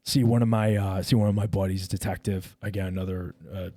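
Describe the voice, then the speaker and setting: A man's voice: low-pitched, fairly quick, no room sound, clean studio sound. A middle-aged man, a retired police officer, telling his own story in a casual podcast chat, swearing freely and acting out the lines of the people in it. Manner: profane, animated retelling with quoted dialogue.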